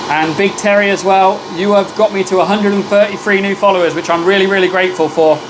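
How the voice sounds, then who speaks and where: Brief: chatty British male streamer, slightly high voice, upbeat and friendly, faint hum behind. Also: steady tone, quick pace. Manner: chatty, upbeat, thanks viewers by name. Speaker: livestream host. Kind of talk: casual live-stream chat.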